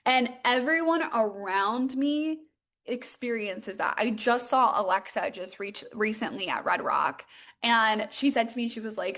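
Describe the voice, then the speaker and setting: A young woman coaching on a live stream, bubbly and excitable, peppering her talk with "like.". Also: a little high, normal speed. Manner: bubbly and excitable, heavy use of "like". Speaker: manifestation and mindset coach.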